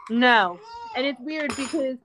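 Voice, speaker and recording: Chatty woman with a fairly high voice. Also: a little slow, background noise. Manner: chatty, full of "like" fillers. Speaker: podcast co-host. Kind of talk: casual chat.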